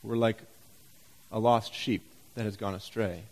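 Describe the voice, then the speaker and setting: A man's voice: fairly low pitch, fairly even intonation, a little slow, darkish tone. A man pastor giving a sermon in a church, conversational and full of rhetorical questions and wry humor.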